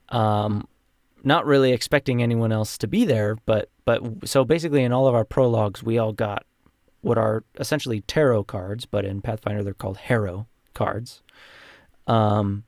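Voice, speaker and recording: A man's voice: mid-range voice, a little mellow, dry recording, studio quality. A young man co-hosting a casual podcast, recapping a tabletop campaign in a rambling way with many fillers. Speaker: podcast co-host and player.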